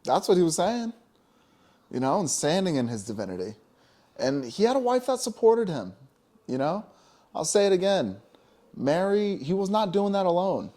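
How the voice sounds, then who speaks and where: A man's voice: sits high, big pitch swings, normal speed, long pauses, dark tone. A man co-hosting a casual spiritual talk show, talking emphatically and preaching, with many "you know?" asides. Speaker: podcast co-host.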